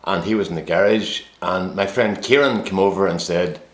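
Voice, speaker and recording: A low-pitched man in his 50s speaks at a moderate pace, telling a rambling, self-mocking story to camera in a casual vlog. He comes across as an easygoing anecdote teller. The recording has a roomy echo.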